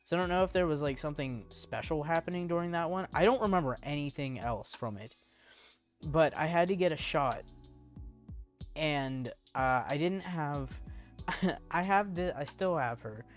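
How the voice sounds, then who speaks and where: A man's voice: a little high, moderate pace, soft background music. A man co-hosting a casual chat, rambling with lots of fillers and frequent laughter. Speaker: co-host.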